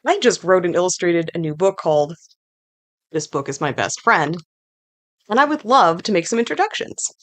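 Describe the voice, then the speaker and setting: A woman's voice: on the low side, very animated, normal speed, soft background music. A woman author and illustrator presenting and reading from her own children's book in a friendly, conversational way.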